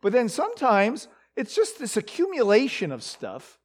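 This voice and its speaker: Animated high-voiced male preacher. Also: normal speed. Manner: animated, talks to the audience with frequent fillers and rhetorical questions. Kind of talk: conversational sermon.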